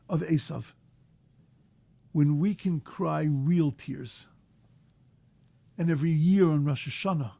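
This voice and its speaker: A man giving a sermon as a rabbi, impassioned, rising to loud emphatic peaks, mixing in Hebrew terms and translating them. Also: a little high, creaky, dry recording.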